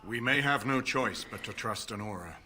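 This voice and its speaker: An actor playing an older nobleman who speaks in a formal, measured, courteous way. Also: lowish voice, pushed and bright, a little hiss or hum. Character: older male noble lord, grave and measured.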